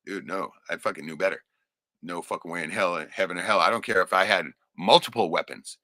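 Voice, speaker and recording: A man's voice: low-pitched, quick pace, pushed and bright, no echo, clean studio sound. A middle-aged man telling stories from his life in a rambling, profane way, often ending lines with "right?". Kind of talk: casual storytelling.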